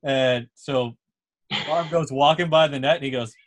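A young man hosting a casual chat, telling a lively story and checking in with "right?" and "dude". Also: medium pitch, a little slow.

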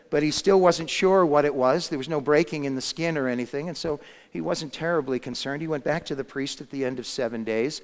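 Preacher, man, storytelling sermon with restarts and dramatic swells and hushes, slightly high voice, long hall reverb. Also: clean tone.

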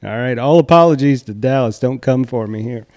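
A man's voice: mid-range voice, fairly quick, darkish tone. A man co-hosting a political podcast in a thoughtful, easygoing way. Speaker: podcast co-host. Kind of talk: casual political podcast chat.

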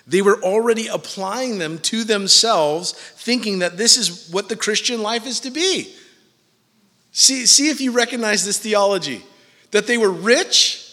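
A man's voice: sits high, pushed and bright, in a large hall. A man preaching a sermon in a church, casual and joking with his listeners between points. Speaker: pastor.

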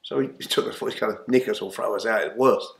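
A man, a guest in an interview, telling long animated anecdotes full of restarts and fillers. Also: lowish voice, quick pace. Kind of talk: casual storytelling interview. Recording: roomy echo.

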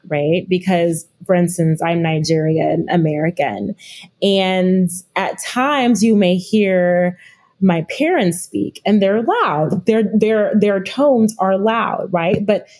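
Slow husky-voiced woman guest. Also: medium pitch, darkish tone. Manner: reflective, with frequent restarts. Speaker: guest expert, leadership consultant. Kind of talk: podcast interview conversation.

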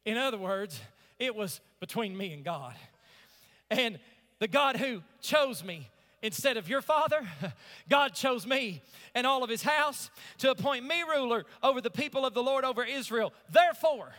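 Man preaching, high voice, dramatic hush then loud, echoey church hall. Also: expressive, normal speed. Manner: preacherly, swings from hushed to shouting. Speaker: pastor. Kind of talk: sermon. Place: church sanctuary.

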